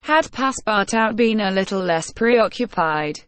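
A woman narrating a classic novel as an audiobook in a slow, measured reading. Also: mid-range voice, expressive, no echo. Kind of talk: scripted narration.

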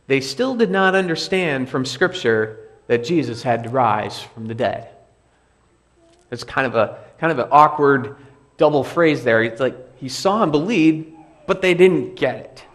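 A pastor giving a sermon in a church, speaking conversationally and repeating key phrases for emphasis. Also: male voice, medium pitch, fairly bright tone. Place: church sanctuary.

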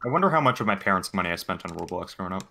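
Speedrunner man, rapid slangy banter on a headset mic, bright tone. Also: low voice, big pitch swings, creaky. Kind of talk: casual gaming chat.

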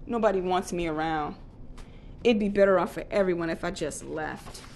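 A woman voicing a clumsy, tender-hearted male warthog in a storybook read-aloud, with a high, pleading voice. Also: normal speed, a little mellow, a little hiss or hum, natural voice. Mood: dejected.

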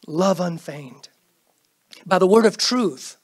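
A middle-aged man preaches in a church with a fairly high, husky voice. He swings from loud, pressing bursts to near-whispered asides and acts out the prayers and greetings he quotes. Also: animated, moderate pace. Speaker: pastor. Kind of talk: sermon. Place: church sanctuary.

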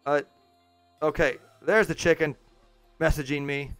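A man's voice: fairly high pitch, steady tone, unhurried, a bit bright, dry recording, faint music behind. Chatty man streaming a mobile game. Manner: chatty, chuckling, talks to chat. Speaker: game livestreamer. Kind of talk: casual live game commentary. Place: home setup with green screen.

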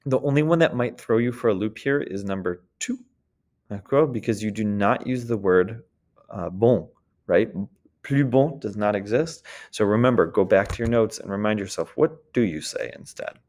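A man teaching a French grammar lesson in a casual way, often checking in with "d'accord?" and slowly modeling the words. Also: fairly low pitch, animated, darkish tone.

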